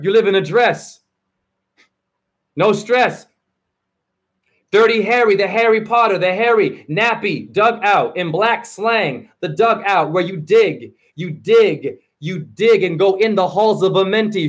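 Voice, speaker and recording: A man's voice: high voice, husky. A man hosting his own video channel, delivering a rambling spoken-word freestyle monologue full of rhyming free-association wordplay and preachy advice.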